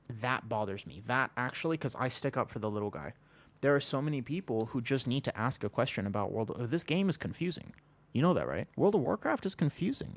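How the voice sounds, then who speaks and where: A man chatting casually to his live stream audience, rambling with frequent restarts. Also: mid-range voice.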